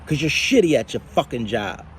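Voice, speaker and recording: A man with an ordinary mid-range voice delivers a heated monologue, swearing freely and weighing each slow phrase. His anger runs steady under the words. A faint background noise sits beneath the recording. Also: mid-range voice. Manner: angry, profane, speaks in slow deliberate phrases. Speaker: vlogger. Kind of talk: impassioned spoken monologue.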